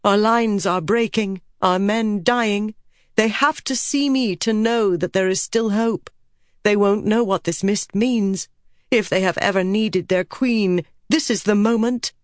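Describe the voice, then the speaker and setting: A woman's voice: medium pitch, unhurried, dry recording, clean studio sound, pitched above the performer's own voice, close to an everyday voice. A woman reading an audiobook, voicing a stubborn, determined young pregnant queen in an earnest, resolute way.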